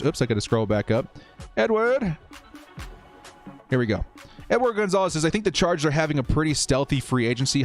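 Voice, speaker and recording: A man hosting a casual football live-stream, reading viewer comments and giving animated, fired-up opinions. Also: mid-range voice.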